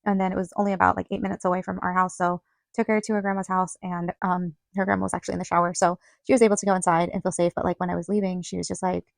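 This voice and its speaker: A woman's voice: on the low side, level tone, racing, creaky, dry recording. A woman hosting a podcast, telling a personal story in a chatty way, full of "like" and quoted dialogue. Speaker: podcast host. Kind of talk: casual storytelling monologue.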